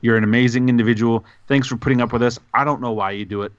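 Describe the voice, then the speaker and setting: Excitable dude rambling on a gaming podcast, goofy and over the top, dry slightly dull sound. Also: male voice, medium pitch, very fast, dry recording. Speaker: podcast co-host. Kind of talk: casual podcast chat.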